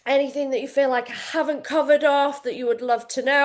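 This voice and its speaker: A pregnant fitness coach in her late thirties speaks with a fairly high voice. She talks straight to her members in a frank, unvarnished way and swears without a second thought. It is a casual, heartfelt chat. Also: a little fast. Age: late 30s. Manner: candid, frank, swears freely. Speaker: fitness coach and community founder.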